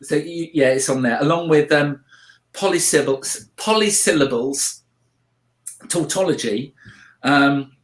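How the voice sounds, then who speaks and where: A co-host with a South London accent talks through a book in casual chat. They hesitate and restart often while explaining. The voice sits mid-range, and the room adds a clear echo. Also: mid-range voice, measured pace, pauses often. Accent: British, South London. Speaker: podcast co-host. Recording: echoey room.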